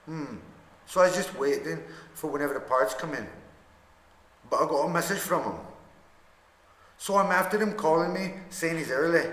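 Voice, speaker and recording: A man's voice: on the high side, fairly bright tone, voice pushed up, natural voice. A man doing an amateur Irish accent as a chatty fellow talking about his car. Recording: echoey room with long reverb.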